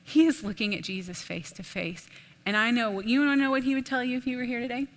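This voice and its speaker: A young adult woman preaching an animated, folksy sermon in a church, addressing the room as "y'all". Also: on the high side, quick pace. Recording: long hall reverb.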